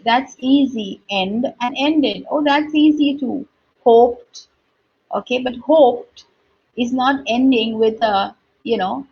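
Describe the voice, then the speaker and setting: A woman teaching English pronunciation. She models each word slowly and repeats it, checking in with her listeners as she goes. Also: a little high, husky. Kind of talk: slow, deliberate teaching with repeated model words. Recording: dull, lo-fi recording.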